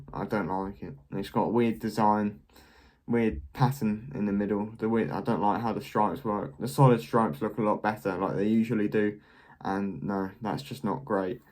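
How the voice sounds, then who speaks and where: A young man hosting a casual vlog, tossing out quick, blunt verdicts with a dry, jokey edge. His voice sits a little low for a man. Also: a little mellow. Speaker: football kit reviewer, channel host. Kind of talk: casual vlog ranking commentary.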